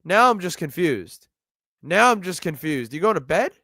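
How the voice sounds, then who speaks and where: A man's voice: sits high, big pitch swings, normal speed, bright, forceful tone, no echo. A man with a New York accent giving sardonic, profane live commentary on a video he is watching. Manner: sardonic, profane, rambling asides. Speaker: streamer reacting to a video.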